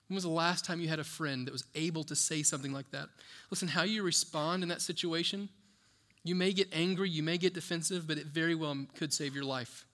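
Bright-voiced pastor preaching. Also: male voice, fairly high pitch, fairly even intonation, fairly quick. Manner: conversational preaching with rhetorical questions. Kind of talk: sermon. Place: church.

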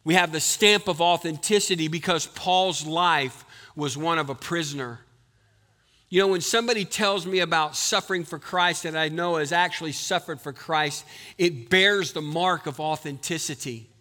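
Bright, high-pitched preaching man. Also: moderate pace, in a large hall. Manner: emphatic preaching, calls on the church to answer. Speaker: pastor. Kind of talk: sermon.

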